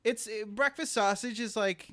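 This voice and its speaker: Joking podcast man, slightly high voice. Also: moderate pace, fairly bright tone, dry recording, clean studio sound. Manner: joking, wry asides. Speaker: podcast co-host. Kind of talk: casual chat.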